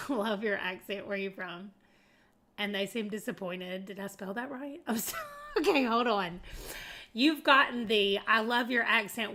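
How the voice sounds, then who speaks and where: A woman's voice: mid-range voice, bright, forceful tone. A woman from Arkansas with a Southern US accent, chatting casually to her viewers in a rambling way, laughing often and calling them y'all. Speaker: booktuber. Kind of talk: casual chat to camera.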